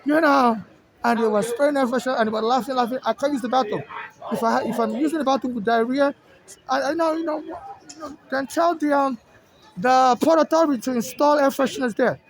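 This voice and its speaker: A man with a Nigerian accent and a very high voice vents outdoors. He talks fast and keeps circling back to the same grievances, speaking straight to the official he blames. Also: a crowd in the background, rough recording. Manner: agitated, repetitive, addresses an official directly. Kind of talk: direct-to-camera complaint. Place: outdoors in a city.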